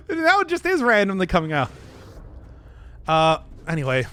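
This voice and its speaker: A man's voice: high voice, huge pitch swings, measured pace, long pauses, pushed and bright. A man streaming a game, giving casual commentary full of giggly, self-deprecating banter with his chat.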